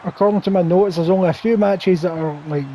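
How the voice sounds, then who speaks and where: A man's voice: sits high, fast talker, warm tone, slight background noise, low-quality recording. A man doing play-by-play commentary over a wrestling video game, with wry, teasing banter.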